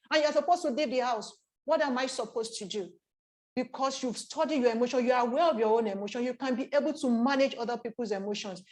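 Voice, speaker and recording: A woman speaks in a high, bright register as she delivers a motivational talk. She builds her points through repetition and rhetorical questions, and she often voices the inner thoughts of her listeners. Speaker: speaker on emotional intelligence.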